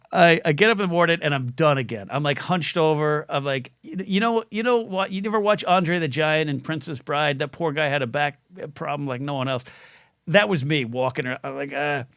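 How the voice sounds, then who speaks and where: A man's voice: on the high side, brisk, fairly bright tone, dry recording, studio quality. A middle-aged man hosting his own solo podcast livestream, rambling through stories and viewer comments, stumbling over words and getting choked up. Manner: rambling, repeats words, emotional and choked up when thanking viewers.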